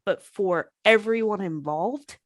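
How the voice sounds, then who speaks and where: Woman telling animated candid stories, dry close sound. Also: medium pitch, takes it slowly, no echo. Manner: animated, acts out past conversations in her stories. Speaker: professional wrestler guest. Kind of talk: candid interview storytelling.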